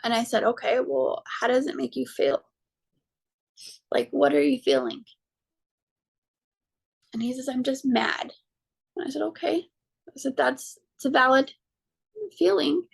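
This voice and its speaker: A woman in her thirties or forties, a podcast guest and mother, telling a personal story in a halting way with frequent ums and restarts. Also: high voice, gravelly, slightly rough. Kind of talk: personal story told in an interview.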